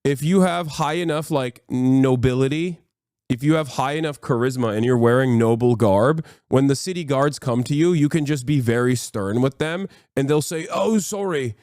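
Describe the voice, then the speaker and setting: A man streaming, retelling a TV scene in casual, profane, animated commentary with many fillers. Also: mid-range voice, normal speed, clear, resonant tone, no room sound, studio quality.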